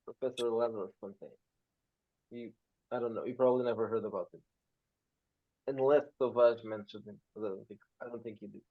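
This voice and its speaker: A man narrates as game master in a casual, halting way, full of fillers. His voice comes through a tinny, phone-like line that sounds dry and close. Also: on the low side, steady tone, dry recording. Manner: hesitant, casual, filler-laden.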